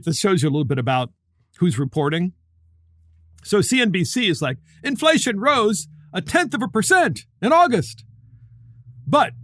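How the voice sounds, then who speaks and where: A man hosting a political commentary show, talking in a sarcastic, scornful, animated way. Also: a little high, no echo, studio quality. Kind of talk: opinion commentary.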